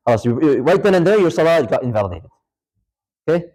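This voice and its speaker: A man teaching a class on prayer in a mosque hall. His voice sits a little high, and he keeps firing quick questions at the students. He repeats the important points so they sink in. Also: sing-song, a little mellow. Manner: quizzes students, repeats key points for emphasis. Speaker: Islamic studies teacher. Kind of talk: interactive classroom lecture.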